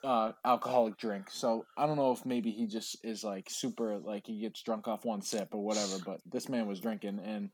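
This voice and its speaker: A man's voice: on the low side, steady tone, normal speed, hardly any pauses, no echo. A man retelling a story in casual chat, rambling and saying "like" a lot. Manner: rambling, heavy use of "like".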